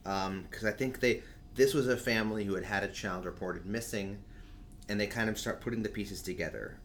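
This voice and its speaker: A man's voice: on the low side, fairly quick, fairly bright tone, a little hiss or hum. A man co-hosting a podcast in a loose, chatty way, laughing often. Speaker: podcast co-host. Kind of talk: casual chat.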